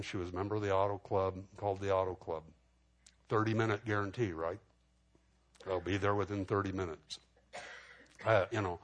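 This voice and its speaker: A man preaching in a storytelling way, casual and full of "you know" fillers and restarts, getting animated as he retells conversations. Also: on the low side. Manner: animated when retelling exchanges. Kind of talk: storytelling sermon testimony.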